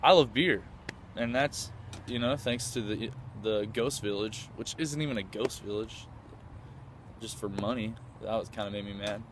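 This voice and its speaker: A man's voice: fairly low pitch, fairly even intonation, moderate pace, noisy background. A man from the United States, enthusiastically recounting a trip in a rambling, casual way with lots of fillers and restarts. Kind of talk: casual storytelling.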